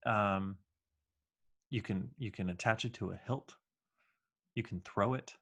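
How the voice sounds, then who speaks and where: A man with a lowish voice co-hosts a podcast in relaxed, casual chat. He tells loose, rambling stories, restarting sentences and filling gaps with "um" and "like.". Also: unhurried, breathy edge. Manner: rambling storyteller, many fillers and restarts. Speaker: podcast co-host.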